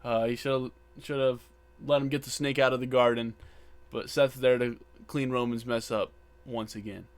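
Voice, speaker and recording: A podcast co-host casually recaps wrestling scenes, acting out quotes, swearing, and repeating words. His medium-pitched voice has fairly even intonation, a normal speed, and a clean tone. A buzz hums in the background.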